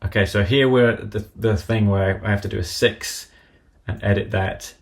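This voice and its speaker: A man giving a live-streamed software tutorial, talking methodically through each step as he works at his computer. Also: on the low side, fairly even intonation, normal speed, creaky. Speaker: app developer demonstrating software.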